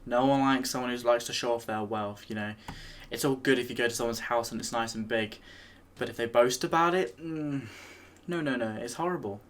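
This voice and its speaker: A man's voice: mid-range voice, a little fast, a bit bright, a little hiss or hum. A young British man with an easygoing, rambling manner, full of restarts and fillers, chatting as he reacts to a video. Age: young adult. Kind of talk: casual chat.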